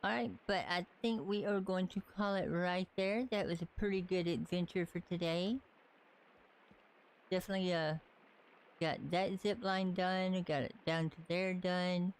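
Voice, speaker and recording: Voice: mid-range voice, fairly even intonation, normal speed, smooth. Chatty streamer with a light Southern accent. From Southern United States. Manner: chatty, thinks aloud while building. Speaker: game streamer. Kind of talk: casual live-stream gameplay commentary.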